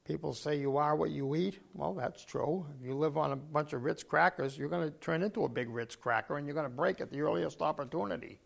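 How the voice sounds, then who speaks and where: Older male preacher, gravelly and a bit high, throat-clearing, emphatic sermon delivery. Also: brisk, few pauses.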